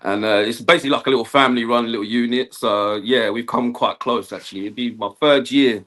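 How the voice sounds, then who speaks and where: A man's voice: mid-range voice, steady tone, a little fast, fairly bright tone. A man, an electrician chatting casually on a livestream, laughing often and asking "do you know what I mean". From Kent, England. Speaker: guest electrician.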